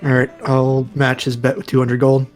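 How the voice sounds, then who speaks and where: A man's voice: mid-range voice, completely flat delivery, normal speed, soft background music. A man playing a tabletop game who states his moves in a matter-of-fact way. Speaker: player.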